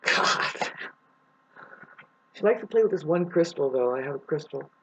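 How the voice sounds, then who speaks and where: A woman's voice: deep voice, expressive, normal speed, slightly rough, highs cut off. A woman who calls herself an astrologer and spiritual healer, rambling and swearing in a meandering monologue. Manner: meandering, swearing, talks to herself and imagined voices.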